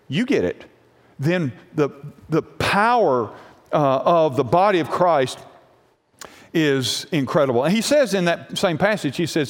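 A man preaching a sermon as pastor, telling a personal story with lively energy and often asking the congregation questions. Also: fairly high pitch, measured pace, long reverb tail. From United States.

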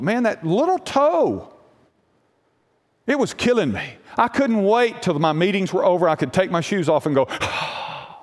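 Animated male pastor preaching in a hall. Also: high voice. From United States. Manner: animated storytelling, asks the congregation questions. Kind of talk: sermon.

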